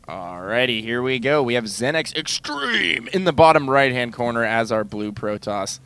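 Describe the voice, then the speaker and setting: A man's voice: medium pitch, big pitch swings, a bit bright, clear, resonant tone. Analytical male esports caster. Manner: analytical, measured, speaks in quick asides. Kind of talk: play-by-play game commentary.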